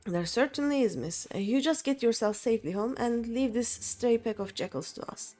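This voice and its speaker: A woman reading game lines for a brash, swaggering male rogue who talks in rough sailor slang. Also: fairly high pitch, moderate pace, dark tone, faint music behind, close to an everyday voice. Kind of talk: reading game dialogue aloud.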